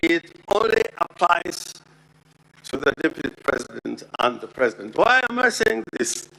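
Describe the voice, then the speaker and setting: A man making a formal legal argument before the Senate as counsel, deliberate and emphatic, repeating key words for weight. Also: a little high, very animated, creaky, bright, forceful tone, rough recording. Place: Senate chamber.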